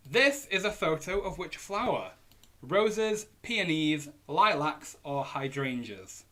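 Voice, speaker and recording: Young male quiz host, Yorkshire accent, upbeat and casual, voice on the higher side. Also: sharp tone. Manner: chatty, jokey, reads options slowly. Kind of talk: live online pub quiz hosting. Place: indoors at home on a hot day.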